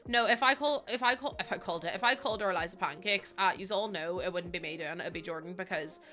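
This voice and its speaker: A woman's voice: lowish voice, fast, sharp tone, faint music behind. A young woman with a Northern Irish accent, chatting casually to her live stream audience, laughing often and swearing now and then. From Northern Ireland.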